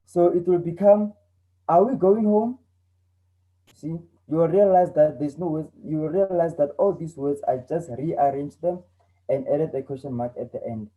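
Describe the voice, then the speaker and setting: A man's voice: a little high, moderate pace, narrow, tinny audio. A young man teaching an online English lesson to teenagers, earnest and repeating himself as he explains. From South Africa.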